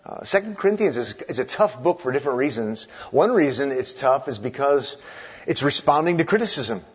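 A man's voice: mid-range voice, expressive, brisk, breathy edge, muffled recording. A man preaching as a guest in a church, talking from the podium with playful teasing that turns earnest. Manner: playful, teasing the congregation before turning earnest. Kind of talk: sermon.

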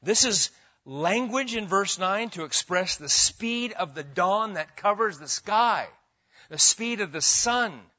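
A man's voice: high voice, animated, takes it slowly, sharp tone, highs cut off. A man preaching an expository sermon as pastor, emphatic and asking his congregation questions as he goes.

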